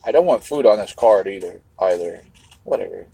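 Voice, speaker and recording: A man's voice: lowish voice, lively intonation, quick pace, vocal fry, dark tone, slightly rough, no room sound, low-quality recording. A man hosting a live stream, rambling to his chat while eating, swearing casually as he goes. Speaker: livestream host.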